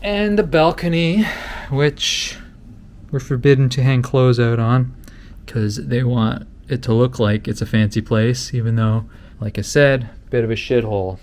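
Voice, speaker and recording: A man vlogging a walkthrough of a small condo apartment indoors, sarcastic and deadpan, recorded on a handheld camera mic. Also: medium pitch, measured pace, slight background noise. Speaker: travel vlogger. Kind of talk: casual walkthrough commentary.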